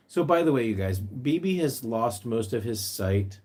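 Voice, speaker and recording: A man hosting a casual livestream, chatting and reading viewer comments aloud, sometimes jumping into a high sing-song voice to coax his pet bird. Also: expressive, normal speed, few pauses, a little mellow. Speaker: pet rescue livestream host.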